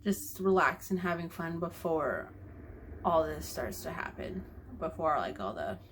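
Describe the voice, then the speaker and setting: A woman's voice: low-pitched, sing-song, a little slow, slight background noise. A young woman talking in a personal video diary, emotional and grateful, rambling with fillers. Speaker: vlogger.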